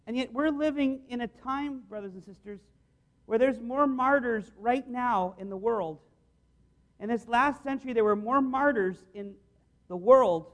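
A male preacher with a notably high voice, giving a sermon. He speaks earnestly and conversationally, often stopping mid-sentence to rephrase before pressing on. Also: moderate pace. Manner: earnest, conversational, many restarts.

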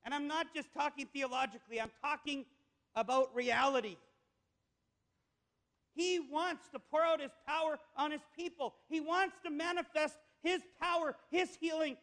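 A male preacher with a very high voice, delivering a sermon in an emphatic storytelling manner. He builds his points through repetition. A long reverb trails each phrase, as if he is in a big hall. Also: normal speed, a bit bright.

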